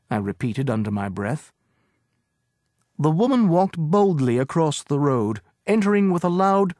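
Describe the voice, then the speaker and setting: A man's voice: on the high side, dry recording, studio quality. Man narrating a story expressively. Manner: measured, expressive reading. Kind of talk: scripted audiobook narration.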